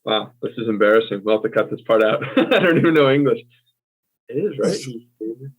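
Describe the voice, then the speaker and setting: A man's voice: mid-range voice, steady tone, moderate pace, husky. An American man explaining English usage in a casual teaching chat, hesitant and full of ums as he corrects himself. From United States. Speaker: co-host and English tutor. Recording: tinny phone-like call audio.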